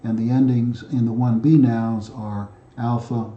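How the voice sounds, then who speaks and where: A man's voice: mid-range voice, steady tone, measured pace, few pauses, warm tone, roomy sound, lo-fi sound. A man teaching Greek grammar step by step, methodical and repetitive, often restarting his sentences with fillers. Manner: methodical, repeats himself with frequent fillers and restarts. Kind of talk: explaining grammar exercises.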